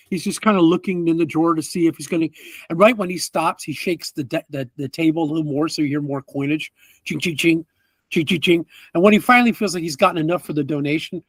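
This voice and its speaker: Male game master, lively tabletop narration, fairly high voice, dry close sound. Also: no echo. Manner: animated and laughing, with fillers.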